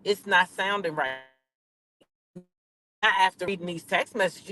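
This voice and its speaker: A woman's voice: on the low side, a little slow, bright, forceful tone. A woman hosting a casual gossip commentary, talking in a sassy, emphatic way and repeating her points for effect. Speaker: commentary channel host.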